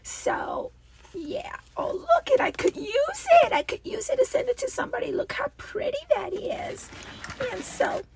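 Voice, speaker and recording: A hoarse woman with a raspy, double-toned voice hosts a casual craft unboxing vlog. Her pitch sits very high and swings up and down a lot, and she talks slowly, gushing with breathy half-whispered asides. The mic picks her up from a bit of a distance. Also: noisy background. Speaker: craft channel host.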